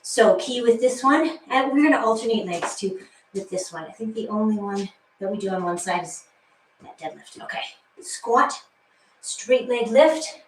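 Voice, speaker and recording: Out-of-breath woman instructor, upbeat and chatty, counting reps; slightly high, unhurried voice in a roomy space. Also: far from the mic, a little hiss or hum. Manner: cheerful, chatty, laughs at herself. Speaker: fitness instructor. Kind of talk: workout class instruction.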